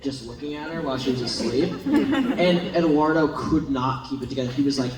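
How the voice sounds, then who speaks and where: Crowd noise fills the large convention hall where this young man, heard from a distance amid the echo, sits as a panel guest. His medium-pitched voice is fairly quick, and his storytelling is rambling, animated and full of laughs.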